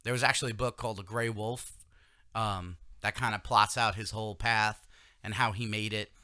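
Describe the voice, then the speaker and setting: A man's voice: lowish voice, steady tone, normal speed, pushed and bright, dry recording, studio quality. A man co-hosting a casual podcast, rambling about conspiracies and laughing often. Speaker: podcast co-host. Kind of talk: casual chat.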